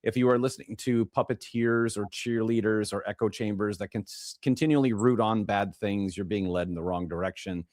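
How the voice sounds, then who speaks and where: A man's voice: fairly low pitch, steady tone, a little fast, hardly any pauses, darkish tone, no room sound, clean studio sound. A man with a Chicago accent hosting a talk show, rambling and restarting his phrases as he introduces a guest. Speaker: podcast host. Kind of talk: casual monologue introducing a guest.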